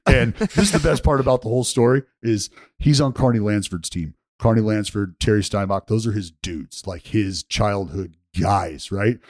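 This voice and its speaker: A man's voice: lowish voice, moderate pace, few pauses, no room sound, studio quality. A man hosting a casual podcast, telling stories with profanity and playful ribbing. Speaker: podcast host. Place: hotel bathroom.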